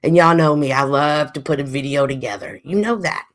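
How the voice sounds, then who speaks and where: Casting note: animated woman livestream host, slightly stuffy, gravelly edge, twang, chatty delivery. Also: low-pitched, fairly quick, hardly any pauses. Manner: animated, chatty, swings from loud exclaims to murmurs. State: a little stuffy. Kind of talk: casual livestream chat, reading chat comments.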